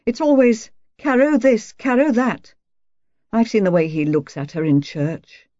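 Anxious battered wife in a storybook reading, hoarse and soft, as a woman reads her, mellow tone in a dull, dry recording. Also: a little high, big pitch swings, unhurried, no room sound, voice pushed up. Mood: bitter. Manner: quavering, bursts out shrilly.

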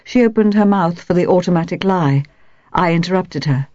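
A woman reading a novel aloud in calm, measured first-person narration. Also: lowish voice, no room sound, muffled recording. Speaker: audiobook narrator.

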